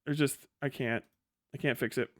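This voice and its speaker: A man's voice: medium pitch, fairly even intonation, moderate pace, dry recording, studio quality. A young man hosting a livestream, ranting mockingly with frequent laughter and swearing, then reading out donations. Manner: mocking, laughing often, profane. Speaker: livestream host. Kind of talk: casual livestream rant.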